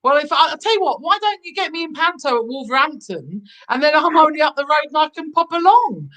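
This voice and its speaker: A woman guest on a chat show, chatty, playful and animated. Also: sits high, fairly quick, poor audio. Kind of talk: casual chat.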